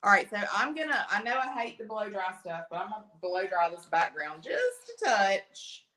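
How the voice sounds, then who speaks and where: A woman's voice: medium pitch, very animated, moderate pace, bright, forceful tone, a little hiss or hum. A woman with an Alabama accent giving a chatty, folksy live painting tutorial, with a slight lingering cough. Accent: Alabama Southern US. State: lingering cough after being ill. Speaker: art instructor.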